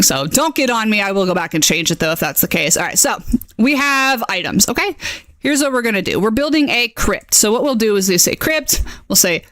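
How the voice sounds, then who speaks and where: A woman at mid pitch hosts a casual live-stream tutorial as a game master. She talks in a chatty, excitable way, reacting aloud as she works and tagging her lines with "okay?". Her voice sounds dry and close, with no room echo.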